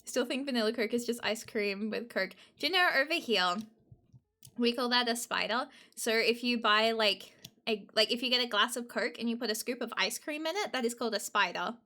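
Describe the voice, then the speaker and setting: A woman's voice: a little high, brisk, bright, forceful tone. A young woman chatting casually to her live-stream audience, giggly and emotional. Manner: giggly, emotional, talks to chat.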